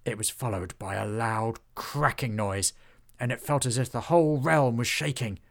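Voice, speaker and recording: A man who writes and narrates his own storybook series, reading in a measured storytelling cadence. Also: mid-range voice, gravelly. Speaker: author and narrator.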